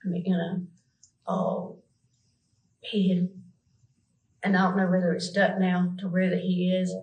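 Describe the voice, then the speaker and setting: A woman's voice: lowish voice, completely flat delivery, measured pace, darkish tone. Rambling Southern woman in a roomy room. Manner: rambling and hesitant, many fillers. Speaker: interviewee. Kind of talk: recorded police interview.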